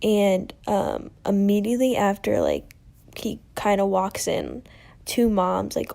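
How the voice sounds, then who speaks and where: A woman's voice: medium pitch, moderate pace, vocal fry. A young woman hosting a podcast, telling a story in a chatty way full of "like" and "um", acting out what people said. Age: young adult. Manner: chatty, lots of "like" and "um", animated quoting. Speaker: podcast host. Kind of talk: casual storytelling.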